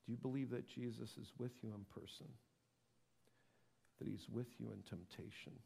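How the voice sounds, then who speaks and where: A man preaching a sermon, dropping to a whisper and building to loud, emphatic passages. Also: mid-range voice, steady tone, moderate pace, creaky, slightly rough, big-room sound. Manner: dramatic swings from whisper to loud. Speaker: pastor.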